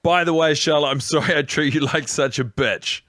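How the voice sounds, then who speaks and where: Dude doing a self-absorbed lady blah-blahing, mocking, kinda bright, dry mic. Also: fairly high pitch, normal speed, no echo, close to an everyday voice. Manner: droning, sarcastic. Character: self-absorbed chattering woman, mocking impression.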